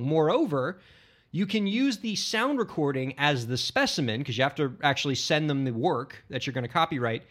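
A man co-hosting a podcast in an easy, bantering way. His pitch sits a little high and moves around a lot as he explains and jokes. He comes across as chatty and relaxed. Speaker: podcast co-host. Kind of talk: casual podcast chat.

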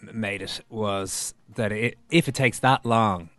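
A man hosting a football podcast, asking quick questions and reading rules aloud. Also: on the low side, a bit bright, no echo. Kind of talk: casual podcast chat.

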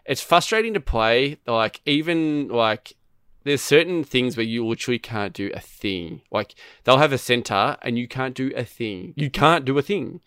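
A man's voice: mid-range voice, moderate pace, clean tone, dry recording, clean studio sound. A man chatting casually about a video game, telling rambling stories with plenty of swearing. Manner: rambling, profane, animated storytelling. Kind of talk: casual gaming chat.

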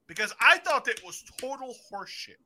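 A man hosts a casual wrestling review show, telling his stories with excitable energy and a good deal of swearing. His voice sits high and swings widely in pitch. The tone is very bright and cutting. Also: a little fast, slight background noise. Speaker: podcast host.

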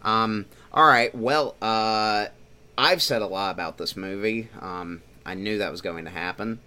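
A man hosting a casual podcast, reviewing a film in animated talk full of fillers. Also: on the low side, a little slow, clean tone. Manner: animated, talks through with fillers. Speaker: podcast host. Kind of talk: casual movie review chat.

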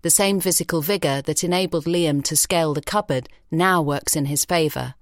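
Low-voiced woman narrating a story. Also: dry recording. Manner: measured, expressive storytelling. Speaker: audiobook narrator. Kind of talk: scripted narration. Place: recording studio. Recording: dry studio sound.

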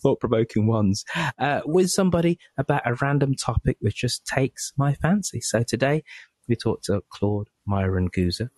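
A British man hosting a podcast, wrapping up an interview in a chatty, halting way with lots of fillers and repeated words. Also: medium pitch, lively intonation, darkish tone, no room sound. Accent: British English. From England. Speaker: podcast host. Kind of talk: casual interview wrap-up.

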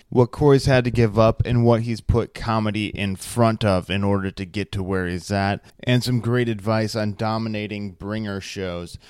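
A man's voice: medium pitch, clean tone, no room sound, clean studio sound. A man hosting a podcast, reading an upbeat intro and chatting with his guest. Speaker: podcast host. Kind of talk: podcast intro and interview questions.

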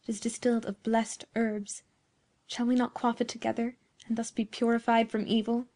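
A woman voicing an earnest young male lover in a storybook reading, speaking in a hushed, half-whispered way. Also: fairly high pitch, little pitch movement, moderate pace, lightly acted. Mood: tender.

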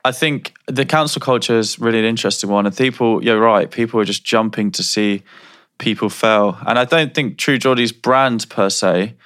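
Male podcast co-host, lowish voice, musing and hesitant. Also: moderate pace, a bit bright. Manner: conversational, musing, hesitant restarts. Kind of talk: casual podcast chat.

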